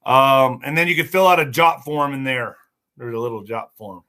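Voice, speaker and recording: A man's voice: mid-range voice, normal speed, sharp tone. A man hosting a podcast, reading news aloud and ranting angrily about it, often stumbling over words and swearing. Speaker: podcast host. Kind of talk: casual news commentary podcast.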